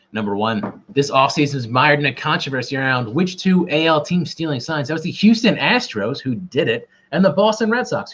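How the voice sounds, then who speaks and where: A man's voice: medium pitch, a bit bright, husky. A man hosting a casual trivia livestream, joking around and rambling in a self-deprecating way. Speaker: quiz host. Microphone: camera mic. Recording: dull lo-fi livestream audio.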